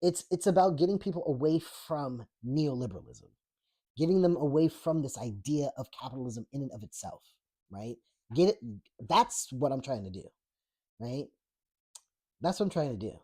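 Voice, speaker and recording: Husky and dark, his medium-pitched voice is expressive and moderately paced. He's a podcast host going off on a casual, foul-mouthed political tangent, rambling, restarting, and laughing a lot at live chat comments.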